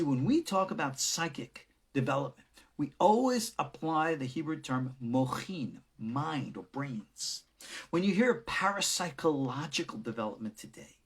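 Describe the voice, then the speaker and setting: A middle-aged man, a rabbi giving a recorded lecture on Kabbalah, who swings from loud emphasis down to hushed whispers. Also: fairly high pitch, breathy edge.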